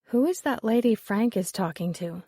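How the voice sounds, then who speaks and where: A woman reading the part of a curious young woman, asking questions in a quiet, soft tone. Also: fairly high pitch, expressive, normal speed, slightly rough, dry recording, clean studio sound. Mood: inquisitive.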